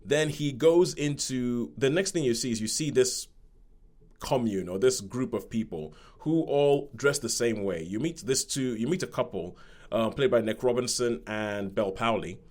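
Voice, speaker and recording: A man's voice: medium pitch, normal speed, a little mellow. A man casually reviewing a film on a podcast, rambling and repeating words as he acts out bits of dialogue.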